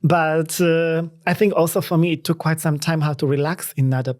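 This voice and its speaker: Polish-accented man, expressive guest. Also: on the high side, brisk. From Poland. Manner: expressive, chatty, laughs often. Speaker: guest artist. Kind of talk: casual conversation.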